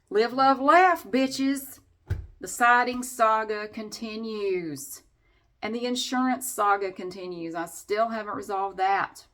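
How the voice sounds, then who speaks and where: A woman's voice: on the low side, a bit bright. Sarcastic Southern woman venting. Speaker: vlogger. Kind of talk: ranting vlog.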